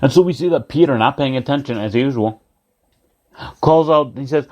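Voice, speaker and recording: A man preaching a sermon, retelling a story in a lively way, repeating phrases and putting questions to his listeners. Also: mid-range voice, normal speed, pauses often, muffled recording.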